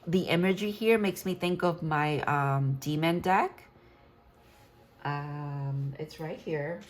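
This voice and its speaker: Tarot reader, woman in her 30s, lowish voice, chatty and excitable, lots of restarts. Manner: rambling, enthusiastic, many restarts and fillers. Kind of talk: casual tarot reading monologue.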